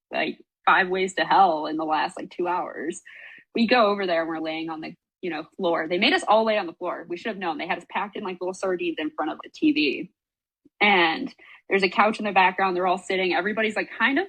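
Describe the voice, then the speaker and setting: A woman's voice: medium pitch, slightly rough, poor audio. A young woman, a former college soccer player, tells a story on a casual podcast, swearing freely and acting out the voices of others. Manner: animated, swearing, acts out quoted voices, frequent "like".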